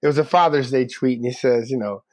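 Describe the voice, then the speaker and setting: A man's voice: mid-range voice, quick pace, a little mellow, no echo. A man from the northern United States, a podcast co-host telling a story in casual chat and acting out the people he quotes.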